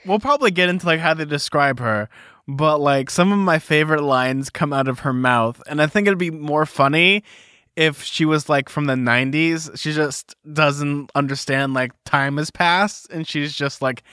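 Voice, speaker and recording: A man co-hosting a casual book podcast, talking in an animated, jokey way. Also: on the high side, normal speed, smooth, dry recording, studio quality. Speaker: podcast co-host.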